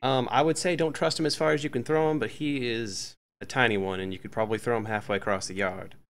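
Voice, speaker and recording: A man's voice: mid-range voice, steady tone, fast talker, lightly acted. A man voicing a suspicious, flirty woman sitting alone in a tavern. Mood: wary. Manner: suspicious, teasing. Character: wary female tavern patron, flirty.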